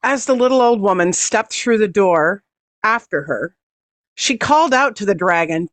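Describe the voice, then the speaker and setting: A woman's voice: mid-range voice, lively intonation, no echo. A woman author improvising a fantasy story aloud, voicing the characters' lines as she narrates. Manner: unhurried telling, acting out dialogue within the story. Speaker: author taking a storytelling turn.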